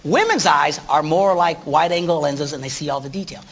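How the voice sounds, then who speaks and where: A man speaking as a guest on a Christian talk show, preaching in an animated way and acting out little stories. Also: on the high side, fairly quick, creaky. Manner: animated, acts out stories in voices.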